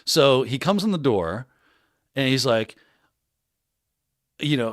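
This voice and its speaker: Lively, animated male livestream host. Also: medium pitch, slow, no room sound, clean studio sound. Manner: animated, laughing storyteller who acts out quotes. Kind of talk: casual storytelling on a livestream.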